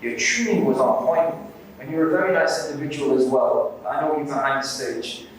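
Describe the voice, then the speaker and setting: A man's voice: fairly high pitch, distant mic, a little hiss or hum. Man critiquing from across an echoey hall. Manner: measured critique with blessings. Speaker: guest judge. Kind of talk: live event judging feedback.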